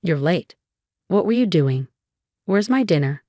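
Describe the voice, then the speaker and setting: A woman reading the part of a cold, controlling husband who talks down to his wife. The voice sits a bit low and sounds dry and close, with no room around it. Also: expressive, unhurried, mellow, no echo. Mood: cold, demanding.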